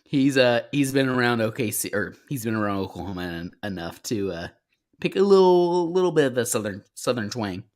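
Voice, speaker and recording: A man's voice: mid-range voice, lively intonation, a little fast, a little mellow. A man co-hosting a sports podcast who speaks hesitantly, with many fillers and restarts. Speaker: podcast co-host. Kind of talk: casual sports chat.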